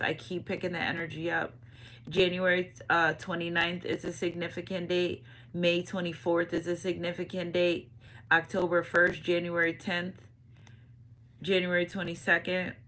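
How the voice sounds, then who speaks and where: A woman's voice: on the low side, sharp tone, poor audio. A woman giving a casual tarot reading, talking straight to her viewers in slangy, repetitive catchphrases. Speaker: tarot reader.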